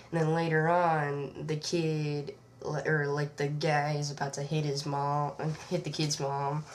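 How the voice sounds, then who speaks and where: A woman reviewing a comic book, recapping the plot in a rambling way with lots of fillers. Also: deep voice. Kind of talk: casual review vlog.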